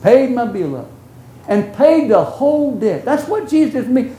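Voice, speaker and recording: Folksy older preacher in an echoey church. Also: male voice, very high voice, very animated, normal speed. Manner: folksy, earnest, swings from loud to hushed. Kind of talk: sermon storytelling.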